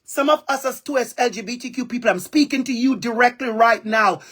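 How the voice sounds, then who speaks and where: A man with a Jamaican accent speaks a little fast in a very high, somewhat bright voice. He's a keynote speaker on a video call, passionate and emphatic, driving points home through repetition.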